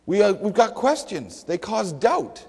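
A man's voice: high-pitched, sing-song, measured pace, creaky, breathy edge. A male pastor preaching a sermon emphatically, with rhetorical questions and dry humor. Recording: long hall reverb.

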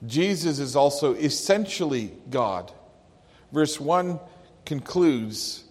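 A pastor preaching a sermon, slow and emphatic, leaning hard on key words. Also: male voice, a little high, animated, a little mellow, breathy edge. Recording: long hall reverb.

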